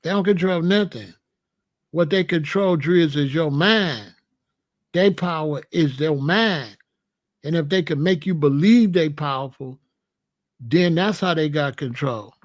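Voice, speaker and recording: High-voiced guy, aave, preachy and in your face, dry close sound. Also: a little slow, no echo. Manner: confrontational, repeats questions, preachy. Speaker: host answering a viewer. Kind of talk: live-stream commentary.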